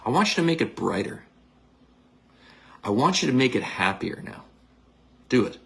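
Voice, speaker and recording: A middle-aged man, a psychic medium leading a guided visualization talk in a blunt, energetic, casual coaching manner. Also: medium pitch, normal speed, gravelly. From Canada.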